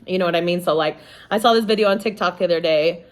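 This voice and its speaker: A woman's voice: fairly low pitch, fast. A woman hosting a podcast, talking in a casual monologue that is blunt and emphatic, with lots of swearing and "like" and "you know". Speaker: podcast host.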